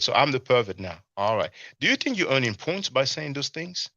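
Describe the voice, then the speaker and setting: A man's voice: medium pitch, lively intonation, moderate pace, bright, forceful tone, no room sound, highs cut off. A man giving casual commentary on a live stream and reading chat, mocking and scornful, often asking "you see?". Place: abroad in Europe.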